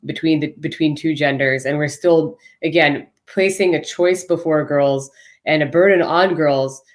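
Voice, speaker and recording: A woman's voice: deep voice, measured pace. A woman speaking as a panel guest, earnest and articulate, building long arguments. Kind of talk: live panel discussion.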